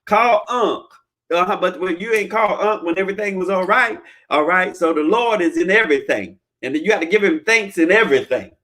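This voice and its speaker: Man, fairly high voice, folksy, preachy, animated, money advice talk. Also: fast, hardly any pauses. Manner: preachy, folksy, repeats "all right?"; animated, bursts into loud chanting. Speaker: credit repair advisor. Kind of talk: live-streamed advice talk.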